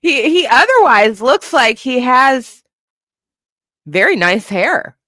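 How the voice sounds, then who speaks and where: Recorded dry and studio quality, a woman with a high voice speaks slowly as host of a casual commentary stream. She reads chat comments and reacts in an animated, lively manner, laughing often.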